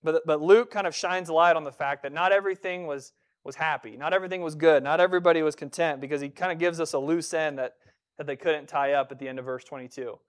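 A male pastor preaches in a relaxed, conversational way, stumbling over and repeating words as he goes. His voice is smooth and clear, set a touch high for a man, and he slips into quoted voices to make his points. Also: quick pace. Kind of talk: sermon.

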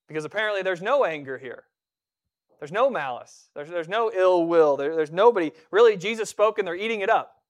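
Male preacher, slightly high, clean smooth tone, chatty sermon delivery with restarts. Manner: conversational preaching with frequent restarts and dramatic quoted voices. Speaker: pastor.

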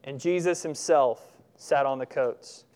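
A young man preaching a sermon in a relaxed, conversational way, with humorous asides. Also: mid-range voice, measured pace. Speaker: pastor.

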